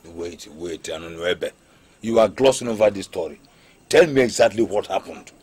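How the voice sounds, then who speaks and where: A husky, lecturing Nigerian friend. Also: male voice, deep voice, moderate pace. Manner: lecturing, lively, frank. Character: blunt, scolding close friend.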